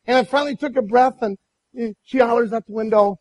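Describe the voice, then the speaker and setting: A man preaching a sermon and telling a personal story in an animated way, with many restarts. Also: very high voice, fast talker, poor audio. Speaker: pastor.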